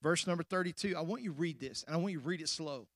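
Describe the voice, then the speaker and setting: A man preaching a sermon, asking the congregation questions, rushing ahead at times and then slowing and dropping to hushed endings. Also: on the high side, no echo, clean studio sound. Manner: preaching with sudden rushes and drawn-out, hushed endings. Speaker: pastor.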